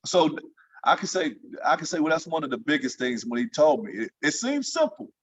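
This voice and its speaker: A former pro basketball entertainer, appearing as a guest in a casual interview, tells a story in a husky, animated male voice. He speaks briskly and jumps high in pitch for excited quotes, but the audio is poor.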